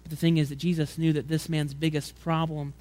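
Brief: male pastor, fairly high voice, casual sermon delivery, frequent stumbles and restarts. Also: level tone, fairly quick, darkish tone. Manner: conversational preaching, acts out quotes with rising pitch and volume; frequent repeated words and restarts.

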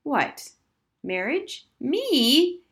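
A woman's voice: medium pitch, lively intonation, normal speed, pitched above the performer's own voice, close to an everyday voice. A woman reading as an inquisitive eleven-year-old girl. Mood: exasperated. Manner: pestering, exasperated questions.

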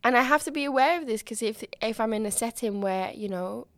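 Talking a little fast, a young woman chats bubbly and casual on her solo podcast, restarting sentences and performing quotes, her high, loud voice spiking further when she gets excited. The recording is close and dry, free of echo.

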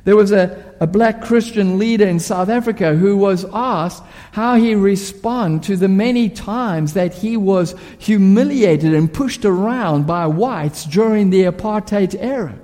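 A man's voice: high-pitched, unhurried, few pauses, warm tone. A male preacher giving a sermon, telling stories vividly and asking rhetorical questions. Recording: long hall reverb.

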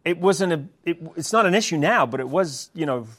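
A man from New Zealand with a New Zealand accent, a guest talking in a casual, animated interview, laughing often. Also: a little high, fairly quick.

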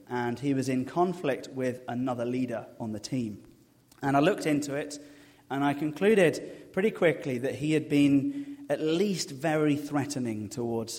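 A man preaching a sermon as a pastor, an animated storyteller who drops to a hush for emphasis. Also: mid-range voice. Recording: long reverb of a hall.

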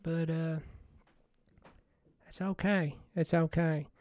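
A man in a rambling comedic monologue as a washed-up TV money-show host, folksy, meandering and deadpan. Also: on the high side, takes it slowly, no echo, studio quality.

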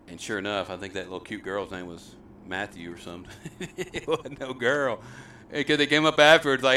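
A man's voice: medium pitch, lively intonation, fairly quick, bright, forceful tone, distant mic, a little hiss or hum. A middle-aged man, hosting a show and telling stories in a rambling, self-deprecating, folksy way. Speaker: host. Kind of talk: casual storytelling chat.

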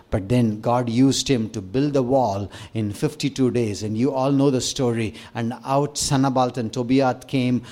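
A man's voice: mid-range voice, mellow. A middle-aged man with a Tamil accent preaching a sermon in a conversational way, with frequent fillers and restarts. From Tamil-speaking South India. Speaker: pastor.

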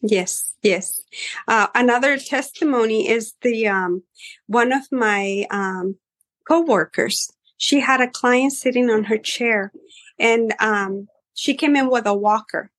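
Animated woman telling client stories. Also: on the high side, slow. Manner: animated, acts out her clients' voices, many fillers. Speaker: hairstylist. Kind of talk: casual storytelling interview.

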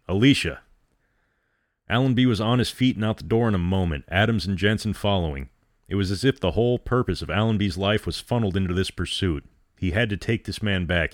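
Deep-voiced male storyteller. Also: dry recording, clean studio sound. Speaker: storyteller host. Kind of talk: dramatic story reading.

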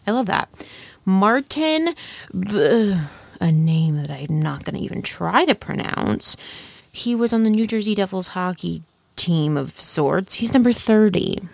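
Rambling young female podcast host, gravelly fry, dry close sound. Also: lowish voice, a little mellow, no echo. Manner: rambling, chatty, self-deprecating, lots of "like". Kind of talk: casual solo podcast chat. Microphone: studio microphone.

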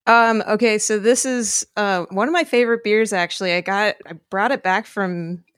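A woman's voice: medium pitch, moderate pace, a bit bright, clear, resonant tone, no room sound, studio quality. A woman sound engineer chatting casually as a podcast guest, laid-back with many fillers.

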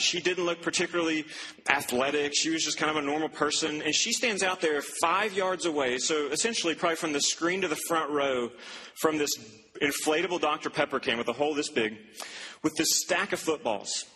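Bright-voiced young preacher in a hall. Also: male voice, on the high side, expressive, a little fast, slight background noise. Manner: conversational storytelling with laughs and asides. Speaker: campus preacher. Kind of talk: sermon. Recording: long hall reverb, faint ambience.

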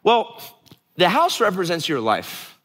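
A young adult man preaching a sermon in a conversational, animated way, teasing his listeners. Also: high-pitched, slow, breathy edge, big-room sound. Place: church hall before a live congregation.

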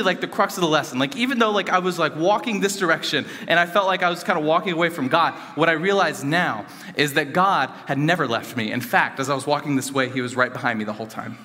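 A young man giving an earnest personal testimony to a gathering, rambling with many fillers and swinging between animated and hushed. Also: fairly high pitch. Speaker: student speaker giving a testimony. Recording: reverberant hall.

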